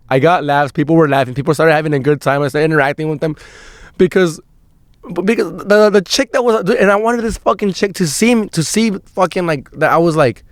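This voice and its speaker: A young man with a slightly high voice rambles through a story on his podcast, swearing freely and restarting his sentences. The sound is dry and close, with no room echo. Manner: rambling, profane, restarts a lot. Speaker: podcast host. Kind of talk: casual storytelling monologue.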